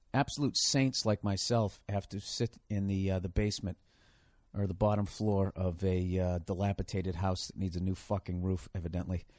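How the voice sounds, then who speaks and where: A man's voice: deep voice, a little mellow, no echo. A man hosting a solo podcast, rambling in a sarcastic, profanity-heavy rant. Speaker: podcast host.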